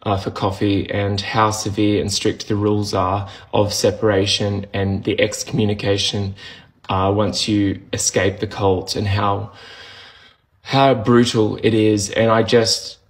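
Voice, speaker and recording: A man talking to camera in a personal vlog, emotional and halting, with many restarts and pauses as he struggles to get the words out. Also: fairly low pitch, flat delivery, low-quality recording. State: emotional, close to tears. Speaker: vlogger sharing a personal update.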